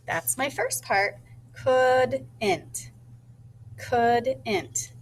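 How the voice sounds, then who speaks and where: A woman teacher thinking aloud in a gentle voice and slowly sounding out words as she models a writing lesson for young children. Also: fairly high pitch, animated. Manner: slow, deliberate sounding-out of words.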